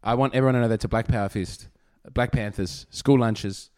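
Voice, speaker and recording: A man hosting a comedy podcast, his voice sitting at an ordinary middle pitch. He rambles through jokey daydreams in loose, casual chat. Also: steady tone, fairly quick, a little mellow, clean tone. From Australia.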